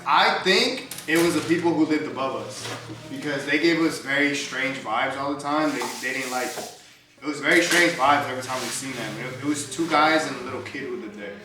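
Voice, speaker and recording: A man's voice: medium pitch, brisk, noisy background. A young man vlogger telling a story in laid-back, slangy talk with casual swearing. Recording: roomy echo, mic far off, music behind.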